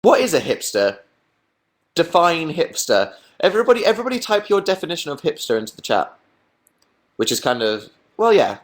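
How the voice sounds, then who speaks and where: A man's voice: medium pitch, expressive, normal speed. Man live-streaming at home, rambling chatty self-deprecating host, webcam sound. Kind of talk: casual live stream chat.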